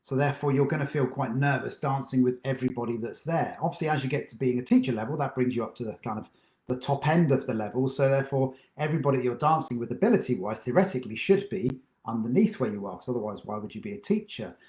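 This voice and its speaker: A man of middle pitch hosts a casual live stream from an echoey room. He rambles easily through answers and pokes fun at himself. He talks as a dance teacher fielding viewer questions. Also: fast, darkish tone.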